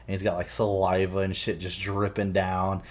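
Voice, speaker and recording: A man co-hosting a casual chat, rambling and swearing a lot as he retells film scenes with animated energy. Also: low-pitched, moderate pace. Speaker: podcast co-host.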